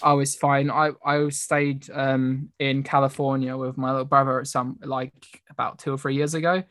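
A woman's voice: a bass voice, flat delivery, moderate pace, a bit bright, no echo. A young woman hosting a podcast, telling rambling, giggly stories in casual chat. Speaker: podcast host.

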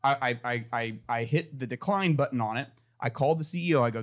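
A male guest telling animated, blunt stories in casual talk, swearing freely. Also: medium pitch, quick pace. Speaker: guest, gun company marketer. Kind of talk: casual storytelling.

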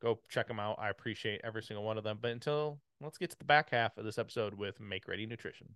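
A man's voice: lowish voice, fairly even intonation, fast talker, fairly bright tone, clean tone, no room sound, clean studio sound. A man hosting a podcast, reading sponsor plugs in a rambling, upbeat way with lots of fillers. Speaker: podcast host. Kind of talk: casual sponsor read.

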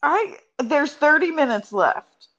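High, slow, giggly young woman. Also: animated, highs cut off. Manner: giggly, soft-spoken, teasing. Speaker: podcast co-host. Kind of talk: casual chat.

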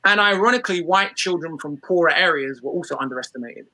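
A British man talking fast and with force, laying out an argument like a lecture. His voice is bright with a slightly husky edge, and it sits a touch high for a man. The sound is close and dry. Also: lively intonation, no room sound, poor audio. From Britain. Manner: rapid, forceful, argumentative delivery. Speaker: guest author and historian. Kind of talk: lecture-style interview answer.

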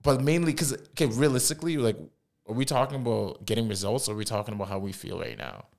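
Animated young man, slangy podcast chat. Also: medium pitch, fast talker, vocal fry. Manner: animated, slangy, says yo and like often, laughs easily. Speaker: podcast co-host. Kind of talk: casual chat.

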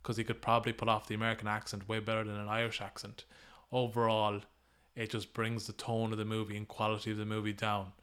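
A man's voice: lowish voice, completely flat delivery, quick pace, fairly bright tone, clear, resonant tone. A man hosting a solo podcast, giving his opinions in an easygoing, conversational way. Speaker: podcast host.

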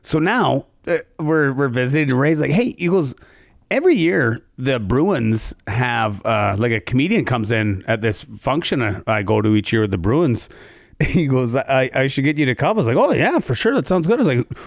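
A comedian from Canada telling a story in casual chat, jumping into high voices to act out other people. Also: male voice, animated, moderate pace, gravelly, dry recording, clean studio sound.

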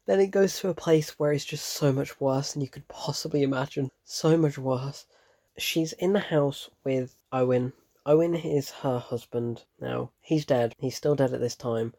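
Jittery man gushing about a film. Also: mid-range voice. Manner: animated, openly frightened, breaks off mid-thought. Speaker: film reviewer. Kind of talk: casual spoken film review.

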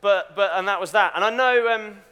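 A man's voice: high-pitched, normal speed, bright, forceful tone, slight background noise. A young man giving a chatty, self-deprecating youth talk with a story. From Britain. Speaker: youth speaker.

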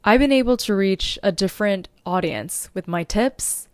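A woman's voice: mid-range voice, animated, normal speed, dry recording, clean studio sound. Upbeat woman hosting a solo podcast. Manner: upbeat and informative, sometimes stumbling over words. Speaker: podcast host and social media strategist.

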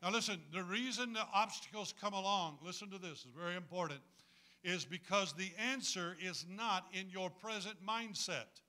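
Preaching in church at normal speed, this man has a high voice that rings very bright and sharp. Folksy and humorous, he keeps prompting the congregation to respond.

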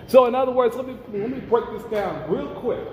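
A fervent male preacher with a high voice delivers a sermon that builds into shouts and half-sung cries. His voice rings through a large, echoey hall, with faint room noise behind him. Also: a little fast, lo-fi sound. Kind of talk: fiery sermon. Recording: roomy hall reverb, faint ambience.

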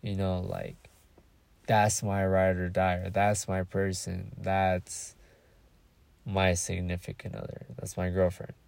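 A man's voice: sits low, monotone, takes it slowly, gravelly, a little mellow. A young man hosting a casual solo podcast, talking candidly and rambling, searching for words and swearing freely. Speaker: podcast host.

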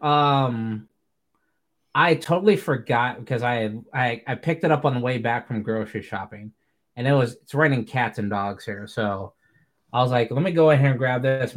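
A man's voice: mid-range voice, normal speed. A man hosting a podcast, telling stories in casual chat, laughing often and swearing casually. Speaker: podcast host.

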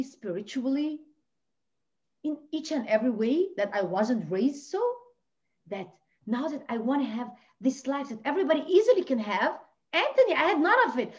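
A woman from Lebanon, a podcast guest telling her personal story with passion, swinging between hushed and near-shouting. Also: sits high. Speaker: podcast guest, life coach. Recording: dull lo-fi audio.

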